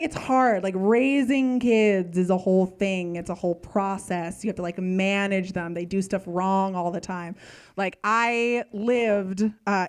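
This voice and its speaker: A young adult woman performing a stand-up comedy set, talking in a chatty way full of "like" fillers. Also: medium pitch.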